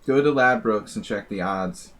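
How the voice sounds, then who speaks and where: A man's voice: fairly low pitch, normal speed. A man streaming blitz chess and chatting casually, wry and rambling, laughing at his own jokes. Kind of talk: casual live-stream chat.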